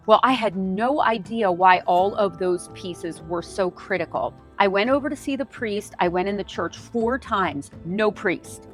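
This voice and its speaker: A middle-aged American woman tells a story to her camera, casual and lively, full of "like" and acted-out asides. Her voice sits at an ordinary pitch, with soft music in the background. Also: a little slow, hardly any pauses. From United States. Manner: animated, acts out her own quoted lines with lots of "like". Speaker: vlogger.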